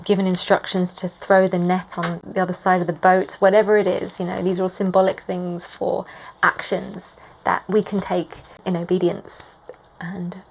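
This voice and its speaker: A woman's voice: lowish voice, flat delivery, moderate pace, creaky, a little hiss or hum, low-quality recording. A woman, a Bible study vlogger, reading scripture and adding enthusiastic, gushing commentary. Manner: enthusiastic and gushing, laughs often.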